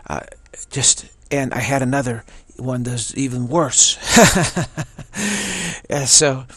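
A man giving a casual personal testimony, halting often and repeating words as he goes. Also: medium pitch, fairly even intonation, fairly bright tone, dry recording.

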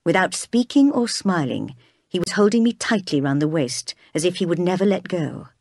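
A woman narrates a storybook read-aloud, steady and clear. Her voice sits a little low. The sound is dry and close to the mic. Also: normal speed, no room sound.

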